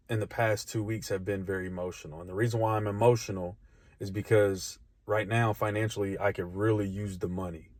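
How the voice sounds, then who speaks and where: Lowish male voice, casual candid vlogger, restarts a lot, dry close sound. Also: darkish tone, dry recording. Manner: candid, restarts often, speeds up and slows down. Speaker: trader documenting his journey. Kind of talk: casual vlog talk.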